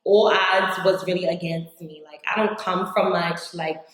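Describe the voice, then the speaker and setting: Young woman from new york, kinda low voice, chatty, like like like, super echoey room. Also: steady tone, moderate pace. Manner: chatty, says "like" constantly, acts out her own past words. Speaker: vlogger. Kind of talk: casual life-update chat.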